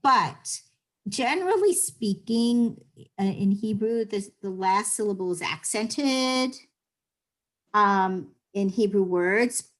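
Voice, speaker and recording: A woman's voice: medium pitch, expressive, slow pace. Woman, teacher, patient, explanatory, online class, video call. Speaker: Hebrew teacher.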